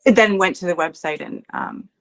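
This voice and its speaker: A woman guest, nervous and excited, talking in halting bursts before her session. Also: fairly low pitch. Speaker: session participant. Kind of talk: casual chat.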